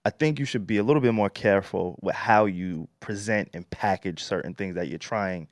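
A man's voice: on the low side, no room sound, clean studio sound. A man around thirty co-hosting a casual talk show, making his points steadily and checking that the listener follows. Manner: measured, asks "you get what I'm saying?". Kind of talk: casual chat.

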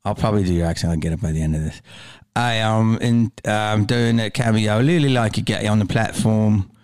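A man hosting a casual interview, excitable and joking, talking into a studio microphone. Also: on the low side, fairly quick, clean tone. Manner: excitable, animated, loose and joking. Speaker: podcast host.

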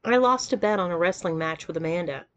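A woman's voice: lowish voice, quick pace, lightly acted. A woman voicing a stammering young man. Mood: confessing. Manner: stammering and defensive. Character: flustered young man, the story's narrator, hiding a past.

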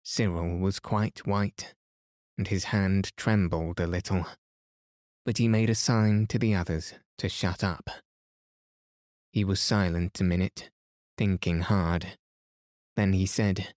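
Slow soothing male bedtime reader. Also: low voice, no room sound, studio quality. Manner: calm, soothing, unhurried. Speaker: sleep podcast host and reader. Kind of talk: bedtime story reading.

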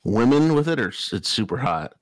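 A man's voice: mid-range voice, sing-song, brisk, dry recording. A man co-hosting a casual comedy podcast, tossing in crude wisecracks. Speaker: podcast co-host.

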